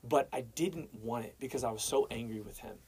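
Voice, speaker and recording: His voice mid-range, a little mellow, and slightly rough, a young man talks a little fast while casually telling his faith story as a guest. He drops "man" and "bro" throughout, and the recording is low quality.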